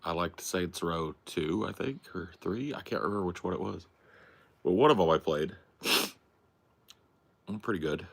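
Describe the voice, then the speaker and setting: A man's voice: lively intonation, normal speed, vocal fry, pauses often. A man streaming from home, answering viewer questions in a casual, offhand way. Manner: talks baby-talk to his dog in a high voice. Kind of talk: casual live-stream chat. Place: home, near a porch.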